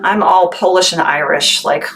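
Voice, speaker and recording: A woman's voice: on the low side, normal speed, a bit bright. A woman from Texas running a live-stream sale for her candy shop, upbeat and chatty, thanking viewers by name as she talks. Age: adult, military veteran. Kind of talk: live-stream sales chat.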